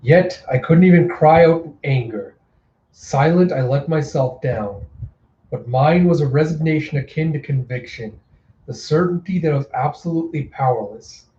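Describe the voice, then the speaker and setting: A man's voice: fairly high pitch, normal speed, dark tone, a little hiss or hum, natural voice. A man doing a manic taunting clown killer. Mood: brooding. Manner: giddy, taunting, raised voice. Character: manic male clown killer, mocking and theatrical. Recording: echoey room, dull lo-fi sound.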